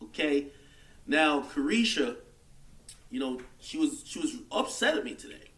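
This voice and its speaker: Man ranting on a livestream, high bright voice, lively swings, echoey room, set back from the mic. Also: measured pace, distant mic. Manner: heated, mocking rant. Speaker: livestream host.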